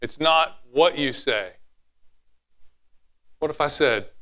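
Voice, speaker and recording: A man preaching a sermon, animated, sometimes dropping to a hushed tone and acting out little quotes. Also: fairly high pitch, slow, long pauses. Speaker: pastor.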